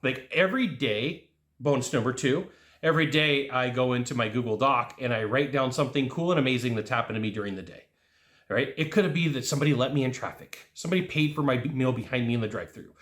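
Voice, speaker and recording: A man giving a casual, jokey motivational sales talk, acting out quotes with sudden jumps in pitch. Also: fast, fairly bright tone, echoey room. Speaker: sales coach.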